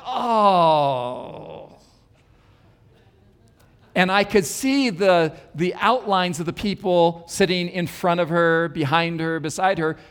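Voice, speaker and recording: A man preaching, telling a personal story with an earnest, wry and self-deprecating manner. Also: sits high. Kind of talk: sermon storytelling. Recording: long hall reverb.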